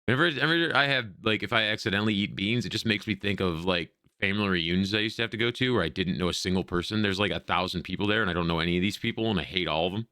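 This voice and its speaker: A man's voice: on the low side, rapid-fire, few pauses, sharp tone, smooth, dry recording, clean studio sound. A male streamer giving profane, slangy, sarcastic commentary as he plays a role-playing game. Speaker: gaming streamer. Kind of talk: let's play commentary.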